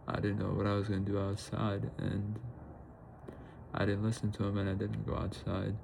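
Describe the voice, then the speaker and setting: Young man, tearful, low voice, flat monotone, halting confessional vlog talk. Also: vocal fry, slight background noise, low-quality recording. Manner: halting, fills pauses with "you know" and "bro". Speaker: vlogger.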